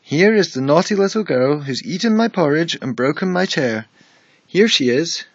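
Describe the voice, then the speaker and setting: A man's voice: medium pitch, normal speed, dry recording, muffled recording, lightly acted. A man voicing an upset, indignant little boy bear who cries out in a thin, raised voice in a storybook reading.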